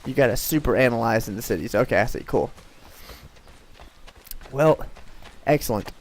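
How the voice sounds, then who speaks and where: A man's voice: medium pitch, normal speed, slight background noise. A man streaming a video game live, talking playfully and muttering to himself as he plays. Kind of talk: live gameplay commentary.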